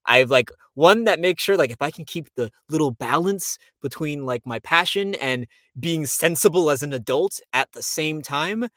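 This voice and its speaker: A man's voice: on the high side, fairly bright tone, dry recording, studio quality. Chatty young man telling stories. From Florida. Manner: chatty, loose storytelling with many fillers. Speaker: voice actor guest. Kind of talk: casual interview.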